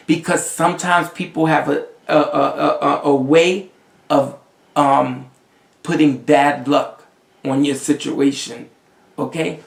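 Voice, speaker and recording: A man with a Haitian accent, a vodou priest giving animated, emphatic spiritual advice in a casual monologue. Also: fairly high pitch, gravelly. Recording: roomy sound, distant from the mic.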